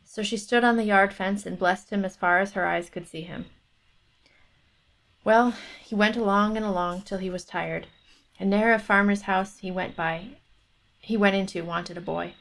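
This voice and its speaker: A woman's voice: mid-range voice, fairly even intonation, normal speed, creaky, a bit bright. Woman reading a folk tale aloud. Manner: chatty, thinks aloud between passages. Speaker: book club streamer.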